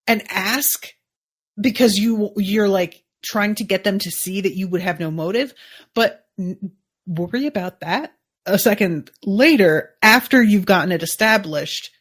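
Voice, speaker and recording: A woman's voice: medium pitch, a little slow, husky. A woman hosting a podcast, chatting casually through an episode recap, musing and thinking aloud with lots of fillers. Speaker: podcast host.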